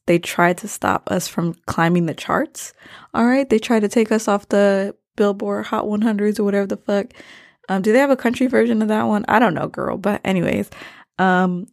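A woman's voice: fairly low pitch, vocal fry, dry recording, studio quality. A young woman from Maryland hosting her own podcast in casual chat, rambling and slangy with plenty of swearing. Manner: rambling, slangy and profane, drifting off topic. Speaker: podcast host.

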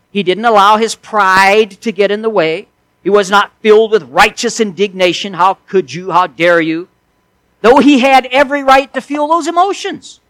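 A man preaching an expository sermon, swinging between forceful emphasis and hushed asides. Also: high-pitched, no room sound, poor audio. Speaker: pastor.

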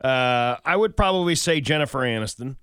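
A man's voice: mid-range voice, animated, brisk, fairly bright tone, clear, resonant tone, no echo, studio quality. A man in his thirties hosting a casual chat, playful and teasing.

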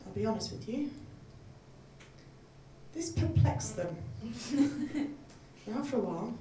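Woman comic, high bright voice, self-mocking club set caught from a distance in a roomy venue. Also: animated, slow, pauses often, slight background noise. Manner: chatty, self-mocking, laughing at her own jokes. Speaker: stand-up comedian. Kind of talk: stand-up comedy set. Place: comedy club stage. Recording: roomy, distant live venue mic with faint ambience.

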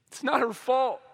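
A man's voice: very high-pitched, vocal fry, fairly bright tone, breathy edge. A young man preaching a sermon, telling a story with emotion and acting out quoted dialogue. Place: church service hall. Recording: hall reverb.

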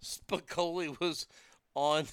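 A man's voice: fairly high pitch, steady tone, slow, clean tone, no echo. A man delivering a profane, mocking comedic rant, stumbling over restarts as he tells the story.

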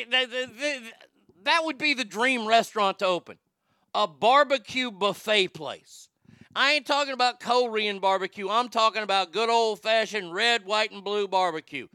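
A man's voice: high voice, bright, forceful tone, clear, resonant tone, dry recording, studio quality. A middle-aged man, rambling casually and profanely as he reads from a chat. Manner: profane, folksy, rambling with restarts. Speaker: livestream host reading chat.

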